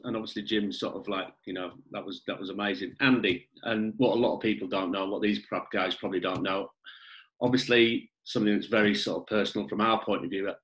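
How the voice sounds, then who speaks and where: A man hosts a panel in a low voice and talks at a brisk clip. He sounds chatty and informal, thanking guests and leading into his next question. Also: a bit bright, rough recording. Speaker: host. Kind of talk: hosting a video call panel.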